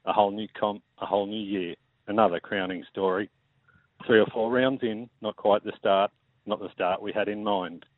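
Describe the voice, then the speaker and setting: An Australian caller in his forties reads out a rhyming verse in a steady, measured beat. His voice sits fairly low and dry, squeezed through a tinny phone line. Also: dry recording. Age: 40s. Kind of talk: reciting a rhyming poem over the phone.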